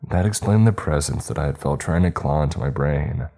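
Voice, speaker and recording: A man reading a first-person horror story in a slow, measured, brooding way. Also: very deep voice, mellow, faint music behind.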